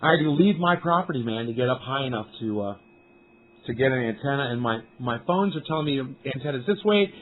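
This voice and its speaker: Talking fairly quickly in an animated, medium-pitched voice, a man streams live from up on a mountain. He wanders from topic to topic, swears a lot and talks to the chat, with the thin sound of a cell phone stream.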